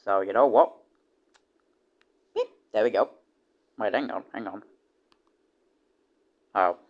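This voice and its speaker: A man's voice: on the low side, huge pitch swings, slow, vocal fry. A young British man streaming, chatting casually and rambling with many restarts and casual swearing. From United Kingdom. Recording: dull lo-fi stream audio.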